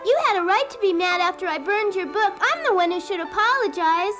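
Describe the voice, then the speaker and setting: A very high, childlike voice of a sweet, earnest little girl in a dubbed cartoon. Clear music plays beneath her lines. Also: expressive, fairly quick. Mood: tender. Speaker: narrator and youngest sister. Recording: music playing underneath.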